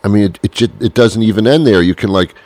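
A man with a very deep, low voice hosts a comedy show. He rambles through his monologue, teasing himself and circling back on his jokes. The sound is dry and close, with no room echo. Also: quick pace, a little mellow. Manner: playful, self-mocking, rambling with restarts.

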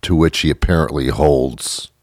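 A man's voice: rumbling low, normal speed, darkish tone, dry recording, studio quality. A man hosting a podcast, delivering a rambling, sarcastic comedic monologue full of self-mocking apologies. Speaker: podcast host.

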